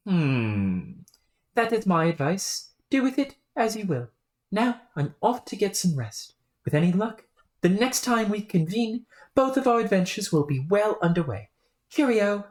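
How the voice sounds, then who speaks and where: A woman voicing an eager, polite young alien girl scholar in a put-on British accent, talking in a chatty, formal and excitable way. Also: lowish voice.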